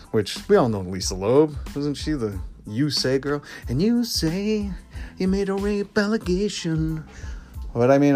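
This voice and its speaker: A man's voice: fairly low pitch, darkish tone. A man hosting his own podcast, talking casually in a rambling, jokey way with lots of asides. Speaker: podcast host. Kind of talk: casual solo podcast monologue.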